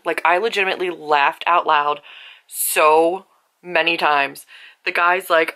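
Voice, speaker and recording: Young female book vlogger, animated and gushing, crisp bright voice, home bedroom. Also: on the low side. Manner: gushing and animated, quick asides, lots of "like". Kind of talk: casual vlog chat.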